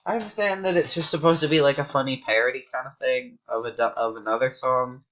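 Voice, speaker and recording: An American man chatting through a game in loose, rambling tangents. His voice is bright and forward, with a mid-range pitch, and the home mic sounds slightly dull. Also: steady tone, brisk. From United States. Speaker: gaming YouTuber. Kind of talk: casual gameplay commentary.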